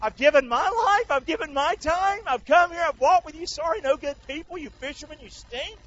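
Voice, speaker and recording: A man's voice: very high-pitched, lively intonation, normal speed, a bit bright, pitched above the performer's own voice. A man with a Southern US accent voicing Jesus as weary and hurt, plaintively scolding his sleeping disciples in a sermon. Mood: exasperated. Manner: exasperated, plaintive. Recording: dull lo-fi recording.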